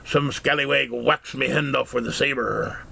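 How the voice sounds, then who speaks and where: A man voicing a gruff old pirate with a peg leg and a hook, growling his words slowly in pirate talk. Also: medium pitch, steady tone, sharp tone, exaggerated voice. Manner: slow, drawling.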